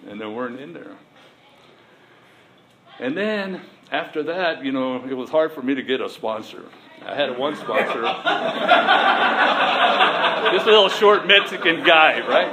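A middle-aged man sharing his recovery story in blunt street talk, swearing and getting animated as he retells it. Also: medium pitch, very noisy. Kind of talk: personal story at a recovery meeting.

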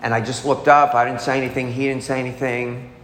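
A man's voice: medium pitch, level tone, fast talker, fairly bright tone. Candid man sharing recovery story, echoey hall. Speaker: recovery speaker. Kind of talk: personal testimony talk. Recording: echoey hall, faint noise.

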